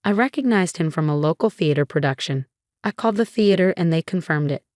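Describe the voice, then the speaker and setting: A woman's voice: lowish voice, animated, a little fast, darkish tone, no echo, studio quality, close to an everyday voice. A woman voicing a young female friend sharing urgent news.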